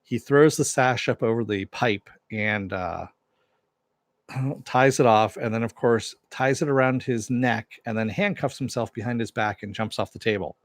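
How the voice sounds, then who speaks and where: A man's voice: mid-range voice, normal speed, no room sound. A man giving a casual, rambling recap of a TV episode, full of fillers and asides. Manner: rambling, filler-heavy storytelling. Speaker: TV recap reviewer.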